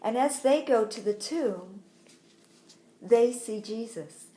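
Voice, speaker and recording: Woman, Sunday school teacher, slow storytelling, middle pitch, roomy echo. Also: warm tone. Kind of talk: storytelling lesson for children.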